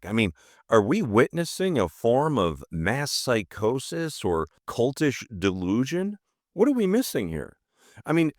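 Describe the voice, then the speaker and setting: A man's voice: fairly low pitch, no echo, studio quality. A man hosting a podcast, delivering scripted narration in an emphatic, rhetorical way. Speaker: podcast host.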